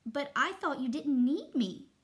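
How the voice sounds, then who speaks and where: A woman voicing a tiny, shy female piccolo in a storybook read-aloud, with a squeaky, sniffling voice. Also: lively intonation, unhurried. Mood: tearful.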